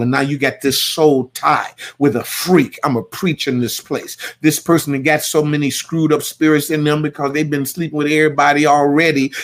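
A male pastor preaching a sermon in a folksy, repetitive, conversational way, swinging from quiet asides to loud shouted lines and laughing at his own jokes. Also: mid-range voice.

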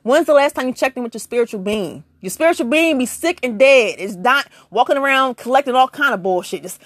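A woman's voice: a little fast, hardly any pauses, no room sound. A woman giving blunt, preachy spiritual advice in a casual monologue, firing off rhetorical questions and swearing freely. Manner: animated, big jumps in pitch.

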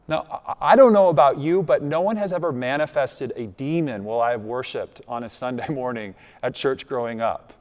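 A man's voice: medium pitch, brisk, few pauses, a little mellow, long reverb tail. A man preaching a sermon as a pastor, conversational and emphatic, with asides to his listeners.

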